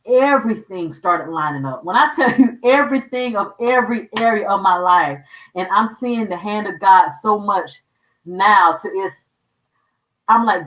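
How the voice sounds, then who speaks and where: A woman's voice: medium pitch, measured pace, fairly bright tone, roomy sound, far from the mic, low-quality recording. A woman hosting a show, sharing her faith testimony in an earnest, emotional way and repeating words when moved. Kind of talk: personal testimony talk.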